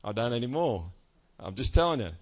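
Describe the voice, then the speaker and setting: Chatty preaching man, mid-pitched. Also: fairly quick. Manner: conversational, frequent "all right?" check-ins; animated with self-mocking humor. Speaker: pastor. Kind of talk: sermon.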